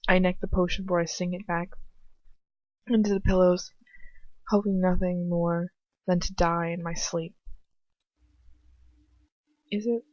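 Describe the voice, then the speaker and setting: A woman's voice: lowish voice, flat delivery, normal speed, a little mellow, dry recording. A young woman reading first-person fan fiction with emotion, now and then breaking off for casual asides, in a dry, slightly dull home recording. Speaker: amateur audiobook reader.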